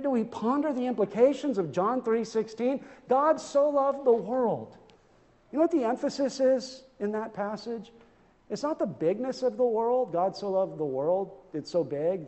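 A man's voice: very high-pitched, a little mellow, long reverb tail. A man preaching a sermon in a church, earnest and emphatic, often stumbling over repeated words as he restarts.

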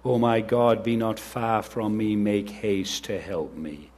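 A man's voice: fairly low pitch, fairly even intonation, slow, a little mellow. A man preaching an earnest sermon as pastor, reading scripture and speaking directly to the children.

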